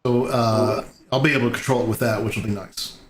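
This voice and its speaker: A man's voice: medium pitch, fairly even intonation, fairly quick, crowd noise. Rambling male host in an echoey room. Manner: rambling, many fillers and restarts. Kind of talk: casual interview chat. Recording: echoey room with faint ambience.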